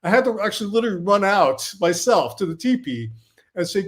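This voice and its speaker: A man from Brooklyn, a film director, telling animated anecdotes as a podcast guest. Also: high voice, fairly quick. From Brooklyn, New York. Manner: animated anecdotes, quotes himself and others. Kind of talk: casual storytelling.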